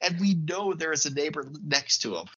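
A man co-hosts a podcast and recaps a film in loose, casual chat, full of fillers and little acted-out quotes. His voice sits fairly high and swings around a lot, with a bright, forceful edge. The audio is a little dull and lo-fi. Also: fairly quick, slightly rough. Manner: animated plot retelling with fillers and acted-out quotes. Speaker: podcast co-host.

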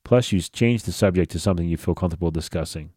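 A man's voice: deep voice, rapid-fire, mellow, no room sound, studio quality. A man hosting a casual solo podcast, talking bluntly and profanely in a loose, conversational way, sounding tired. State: tired, yawning. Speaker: podcast host.

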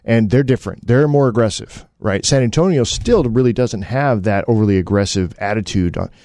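Fast-talking, joking radio host man. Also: lowish voice, warm tone, no echo. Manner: quick, joking banter. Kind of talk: casual chat and show sign-off.

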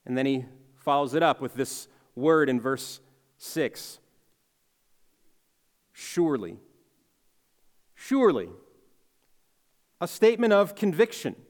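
A man with a high, light voice preaches with earnest conviction, pressing down on the words he wants to land. His sermon rings out with a long reverb, as if in a big hall. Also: animated, normal speed. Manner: earnest, emphatic on key words, reflective. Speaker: pastor.

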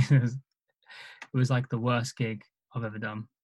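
A man's voice: medium pitch, flat delivery, unhurried, darkish tone. A man, a stand-up comedian, chatting casually and self-deprecatingly about his gigs. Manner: self-deprecating, modest, chuckles while telling stories. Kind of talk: casual chat.

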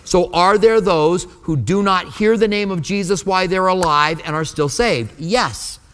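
A man delivers a sermon from the pulpit, slipping into conversational stories and voicing the people in them. His voice sits fairly high for a man. The sound carries the long reverb of a large church hall. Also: measured pace, fairly bright tone, slight background noise. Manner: conversational storytelling, acting out quoted dialogue. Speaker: pastor. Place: church sanctuary.

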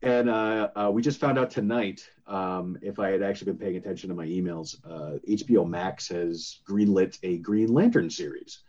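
A man's voice: low voice, normal speed, few pauses, darkish tone, lo-fi sound. A man co-hosting a podcast, rambling through casual chat with a lot of hesitation and fillers. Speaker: co-host.

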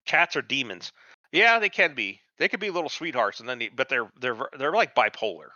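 Man, bright voice, dry muffled sound, rambling swearing chat. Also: mid-range voice, brisk, dry recording. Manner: rambling, swears a lot, lively. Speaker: podcast co-host. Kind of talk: casual profane chat.

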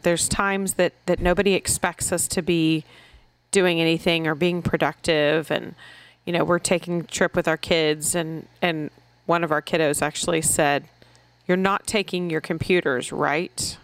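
A woman's voice: lowish voice, clean tone. A middle-aged woman co-hosting a podcast, chatting casually with frequent restarts and easy laughter. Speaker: podcast co-host. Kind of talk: casual chat.

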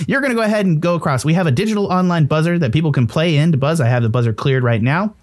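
A man's voice: a little high, rapid-fire, darkish tone. A man hosting a casual movie trivia game among friends, reading clues aloud and teasing the players. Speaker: quiz host.

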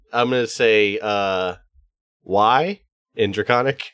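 A man's voice: fairly low pitch, a bit bright, no echo. A man playing a tabletop game, talking in a rambling way and laughing often. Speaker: player.

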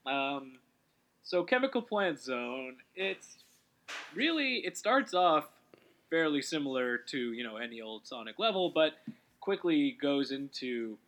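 Lively, bright-voiced man chatting. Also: on the high side, unhurried. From Canada. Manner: rambling, self-correcting, giggly. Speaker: let's play host. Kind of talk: casual gaming commentary.

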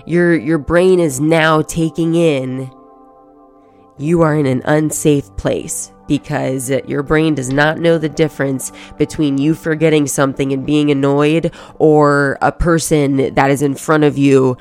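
Casual motivational monologue, gravelly creaky voice, salty language, faint music underneath. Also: medium pitch, fairly even intonation, measured pace, darkish tone. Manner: casual and profane, acts out inner thoughts.

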